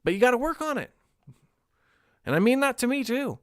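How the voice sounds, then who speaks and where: Young man, casual stream chat, smooth clear voice, dry close sound, rambling and candid. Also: extremely high pitch, big pitch swings, brisk, dry recording. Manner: rambling, candid, swears casually, laughs often.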